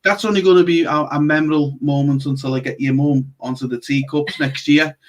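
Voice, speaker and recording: Scouse male podcast host, slightly high voice, chatty and jokey, casual chat. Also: steady tone. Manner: chatty, quick to joke and laugh.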